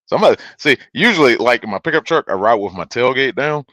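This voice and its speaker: A man hosting a casual livestream, loud and excitable, swearing and laughing a lot as he tells a story. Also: mid-range voice, fast, no echo. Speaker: livestream host.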